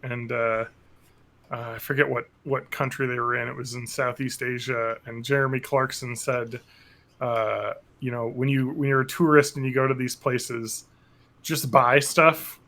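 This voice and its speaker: Gravelly-voiced man in casual podcast banter. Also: medium pitch, little pitch movement, measured pace, bright, forceful tone. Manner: rambling, joking. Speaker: podcast co-host.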